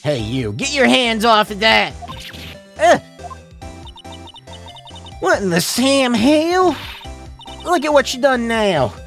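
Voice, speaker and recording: A man's voice: extremely high pitch, wildly swooping pitch, faint music behind, pitched above the performer's own voice, full character voice. A man streamer voicing a brash young Southern woman in a game, with a put-on Southern drawl and a folksy scolding manner. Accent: put-on American Southern drawl. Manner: sassy, folksy, quick to scold. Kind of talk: streamer reading game dialogue aloud.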